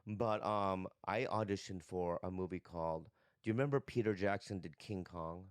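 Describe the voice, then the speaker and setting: A man in casual podcast chat, an animated storyteller who swears freely and acts out scenes. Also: sits low, normal speed, no room sound, clean studio sound. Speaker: podcast guest, comedic actor.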